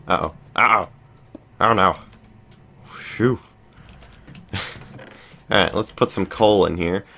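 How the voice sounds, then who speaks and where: A young man with a very low voice narrates his gameplay in a loose, rambling way. He thinks aloud, trails off and restarts his sentences often. Keyboard typing can be heard behind him. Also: gravelly, a bit bright. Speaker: let's play host. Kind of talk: casual gameplay commentary.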